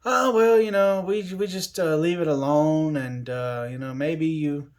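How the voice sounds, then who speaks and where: A man's voice: on the high side, lightly acted. A man putting on a hesitant surgeon in broken English. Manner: halting, hedging, broken phrasing.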